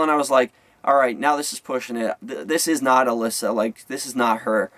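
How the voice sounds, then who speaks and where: A man's voice: medium pitch, fairly even intonation, a little fast, a bit bright, dry recording. A young man telling a story to camera in a vlog, rambling with many fillers and restarts. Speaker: vlogger.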